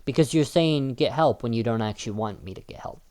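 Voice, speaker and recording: Combative guy ranting his opinions, keeps restarting and saying um, mid pitch voice. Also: fast talker, a little mellow, clear, resonant tone. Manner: argumentative, combative, frequent restarts and filler ums. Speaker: video commentator. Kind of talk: opinion monologue.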